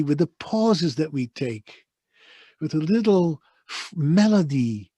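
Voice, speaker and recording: A man's voice: on the high side, big pitch swings, unhurried, warm tone, breathy edge, no echo. A man with a Dutch accent, a voice-over artist, telling his story with passion and emphasis in a soundproof home studio. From Netherlands. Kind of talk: conversational interview storytelling.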